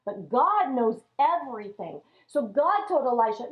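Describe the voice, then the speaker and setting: A woman teaching Sunday school, telling a Bible story to children in an animated way. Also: a little high, unhurried. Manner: animated, acts out characters' lines. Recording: dull lo-fi recording.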